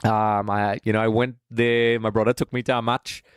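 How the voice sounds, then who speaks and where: A man's voice: lowish voice, little pitch movement, moderate pace, clear, resonant tone, no room sound, studio quality. A man from Trinidad, hosting a live watch-along stream in a casual, chatty way, greeting viewers by name and calling them folks.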